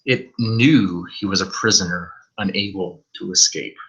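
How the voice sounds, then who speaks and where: A man's voice: low-pitched, measured pace, fairly bright tone, highs cut off. A man reading a horror story aloud on a live stream, stumbling over words now and then and swearing in asides.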